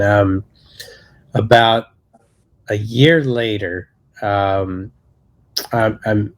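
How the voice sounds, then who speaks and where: This thirty-something associate pastor tells his own faith story on a podcast, earnest but hesitant, repeatedly backing up to begin again. His voice is on the low side.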